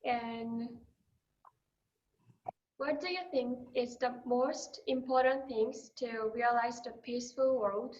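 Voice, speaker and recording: A woman student asking a question slowly and carefully, with some hesitation. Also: fairly high pitch, fairly even intonation, darkish tone, lo-fi sound, a little hiss or hum.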